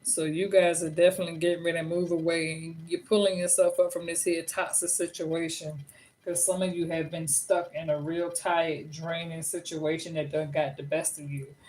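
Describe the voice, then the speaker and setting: A woman's voice: low-pitched, flat delivery, moderate pace, a little mellow, a little hiss or hum. A woman in her fifties giving a casual tarot reading to viewers, talking bluntly and chattily, swearing freely and then apologizing for it. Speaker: tarot reader.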